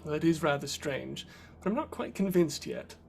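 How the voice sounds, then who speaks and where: A man voicing a calm, patient motherly sorceress, speaking softly and unhurriedly. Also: fairly high pitch, moderate pace, creaky, a little hiss or hum. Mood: measured.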